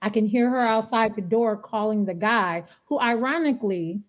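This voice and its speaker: A woman tells a story to other guests on a podcast. Her voice sits fairly high, and she is animated, slipping into other people's voices to act out what they said. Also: normal speed. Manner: animated, acts out dialogue in quotes. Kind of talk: casual storytelling.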